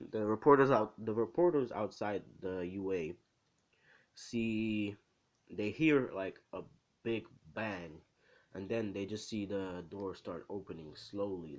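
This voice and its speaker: Low-voiced guy rambling thru a fan story, all animated and casual.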